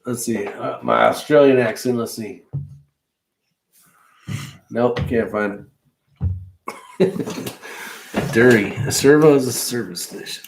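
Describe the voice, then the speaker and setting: A man's voice: mid-range voice, slow pace, gravelly, long pauses, a little hiss or hum. A man co-hosting a casual podcast, joking and teasing his co-host. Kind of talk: casual chat.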